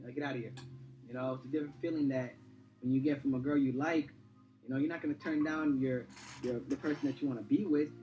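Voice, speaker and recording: A man's voice: mid-range voice, steady tone, quick pace, lo-fi sound. Rambling young man telling his story. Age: young adult. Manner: rambling, repeats words, fillers like "you know". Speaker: interviewee. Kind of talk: casual storytelling interview.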